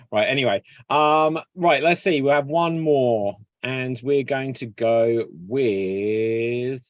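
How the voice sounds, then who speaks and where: A man hosting an online improv comedy show, brisk and upbeat, calling on players over a video call. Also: medium pitch, no room sound. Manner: brisk, upbeat, auctioneer-like prompting. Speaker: improv host. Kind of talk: emceeing an online improv game.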